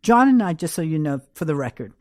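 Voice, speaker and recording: A woman's voice: low voice, sing-song, fast, darkish tone, dry recording, clean studio sound. An older woman with a New York accent, a guest telling candid stories in an interview and acting out the quotes. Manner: candid, anecdotal, acts out quotes. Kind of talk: storytelling in an interview.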